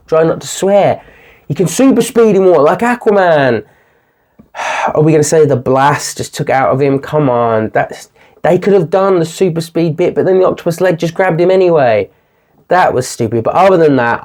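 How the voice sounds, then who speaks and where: A young man talks through a TV finale in a chatty, excitable way and laughs often. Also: medium pitch. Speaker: TV series reviewer. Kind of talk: casual video review.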